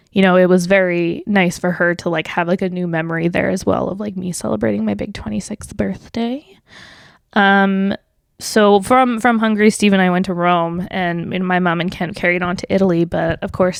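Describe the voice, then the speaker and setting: Gravelly young woman, casual chatty storyteller. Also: no room sound, clean studio sound. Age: 20s. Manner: casual, filler-heavy, swears freely; quotes people in livelier, higher voice. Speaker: podcast host. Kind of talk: solo podcast storytelling.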